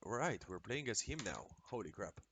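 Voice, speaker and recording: A man streaming a video game, talking casually and excitably with lots of swearing and exclamations. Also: lowish voice, normal speed, a little hiss or hum. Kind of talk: casual live-stream commentary while playing.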